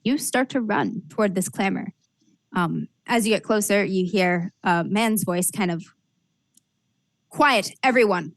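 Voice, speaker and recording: A woman's voice: mid-range voice, moderate pace, no echo. A woman narrating a tabletop role-playing game as game master, describing scenes with frequent fillers and restarts.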